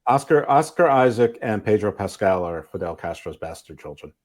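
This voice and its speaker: A man co-hosting a casual podcast chat, halting with lots of restarts and dry jokey asides. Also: lowish voice, animated, darkish tone. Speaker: co-host.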